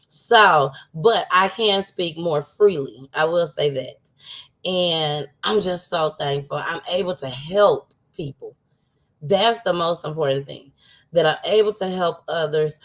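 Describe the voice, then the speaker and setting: A woman's voice: lowish voice, fairly bright tone. Tearful woman hosting a livestream. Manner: emotional, heartfelt, laughs often. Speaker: livestream show host. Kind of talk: casual livestream chat.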